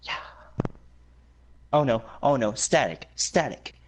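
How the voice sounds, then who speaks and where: A man's voice: mid-range voice, expressive, slow pace, slight background noise. A young man rambling and teasing crudely in a casual late-night chat as a guest.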